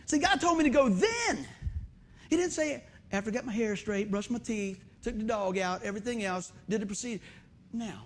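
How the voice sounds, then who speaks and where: A man preaching a sermon, telling stories in a folksy, animated way and acting out the dialogue. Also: sits high, a little fast, a little hiss or hum. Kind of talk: sermon with storytelling.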